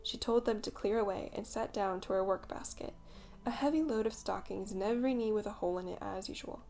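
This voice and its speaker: A woman's voice: medium pitch, a little fast, soft background music. Woman narrating a classic children's story. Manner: lively storytelling, voicing each child. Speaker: audiobook narrator. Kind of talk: scripted narration.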